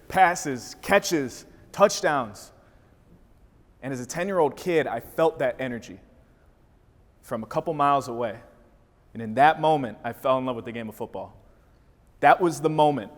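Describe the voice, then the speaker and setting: A man's voice: medium pitch, fairly quick, long pauses. A man from Wisconsin giving a motivational talk, telling a story with vivid energy. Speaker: speaker. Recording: reverberant hall.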